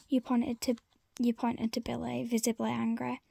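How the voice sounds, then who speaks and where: Casual fan-story narrator: high-voiced woman, slow, faltering, whispery delivery in a dry close sound. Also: monotone, creaky, mellow, dry recording. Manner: halting, often whispered, with fillers.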